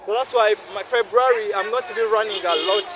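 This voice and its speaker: A Ugandan vlogger in his twenties talks earnestly and repetitively outdoors beside a city road, with background noise around him. His high-pitched voice has a Ugandan accent and fairly even intonation, he speaks briskly, and he keeps checking in with the listener by asking "no?"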